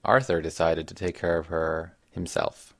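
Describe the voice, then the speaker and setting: A man giving measured, reflective scripted narration for a radio story. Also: sits low, level tone, vocal fry, no room sound, clean studio sound.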